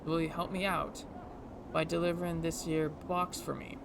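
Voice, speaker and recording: A man's voice: a little high, flat delivery, normal speed, gravelly, background noise. Man putting on a lilting ragged beggar. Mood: pleading. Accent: put-on Scottish-Irish lilt. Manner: pleading, urgent. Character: grimy ragged male beggar, pleading and shifty.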